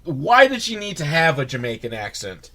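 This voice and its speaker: A man's voice: on the high side, sing-song, normal speed, pushed and bright. A man giving a sarcastic, rambling, profane comedic recap of a movie, full of mocking asides. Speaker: movie reviewer.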